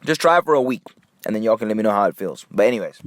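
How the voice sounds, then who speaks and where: Young guy from nigeria doing a story time, goes quiet then pops up loud, dry close mic. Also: lowish voice, racing, dry recording. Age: young adult. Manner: animated, jumps between hushed asides and excited bursts. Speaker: vlogger telling a story. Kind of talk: casual story time vlog.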